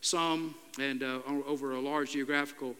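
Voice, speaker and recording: An older man, a pastor, preaching a sermon in a halting, earnest storytelling way with many "uh" fillers. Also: medium pitch, little pitch movement, bright, forceful tone, clean tone. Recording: long hall reverb.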